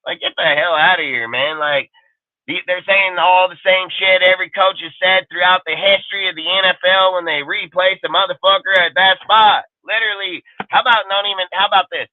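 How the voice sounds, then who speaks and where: A man's voice: high voice, steady tone, fairly quick, dry recording. Profane, fired-up man on a tinny line. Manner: profane, emphatic, repeats points. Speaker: sports talk panelist. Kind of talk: heated casual sports rant. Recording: tinny phone-line audio.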